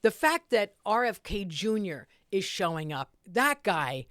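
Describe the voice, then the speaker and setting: A woman host talks politics in a casual, exasperated way, her sentences tumbling and restarting. Her pitch swings widely and lively. The sound is dry and close, with no room around it. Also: unhurried, no echo. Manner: animated, exasperated, many restarts. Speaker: podcast host. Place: comedy club.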